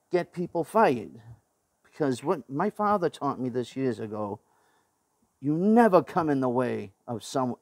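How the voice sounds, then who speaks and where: In a mid-range, slightly mellow voice, a Boston-accented man hosting his own show delivers a casual opinion rant to camera. It's blunt and profane, rambling with fillers and restarts. The audio is dry and studio quality.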